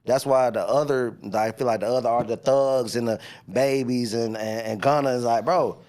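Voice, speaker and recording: A man's voice: medium pitch, steady tone, normal speed, darkish tone. A young man from Decatur, Georgia, a rapper guest telling stories in loose, profane slang during a casual interview.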